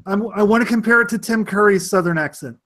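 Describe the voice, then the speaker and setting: A man's voice: high-pitched, fast, a bit bright. A man co-hosting a casual podcast, teasing and egging the others on. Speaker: podcast co-host. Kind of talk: casual banter.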